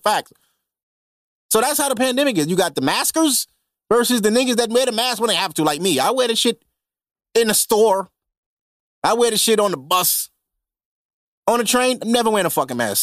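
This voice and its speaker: A man's voice: high voice, a little fast, no echo, studio quality. A man hosting a podcast, ranting casually and comedically with lots of slang and profanity. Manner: profane, animated, heavy slang. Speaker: podcast host.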